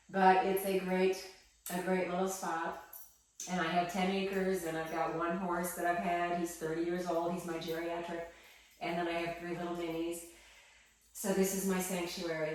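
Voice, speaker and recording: Woman telling her faith story: soft, halting, a bit low-pitched; heavy room echo, recorded from across the room. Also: slight background noise. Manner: soft-spoken, halting, with many ums and restarts. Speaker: interviewee. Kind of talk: emotional personal testimony. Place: her small wooden chapel, indoors. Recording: echoey room from some distance.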